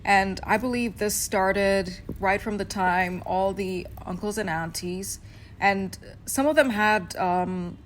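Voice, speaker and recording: Slow, frank young woman ranting. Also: mid-range voice, slight background noise. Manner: frank and profane, many fillers. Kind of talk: casual storytelling rant.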